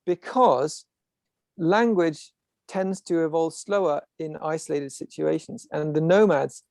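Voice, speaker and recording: A man's voice: on the high side, unhurried, gravelly, a little mellow, dry recording, clean studio sound. A man hosting an online discussion group who explains things in a professorial way, with frequent restarts and asides over a video call. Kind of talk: casual explanatory talk.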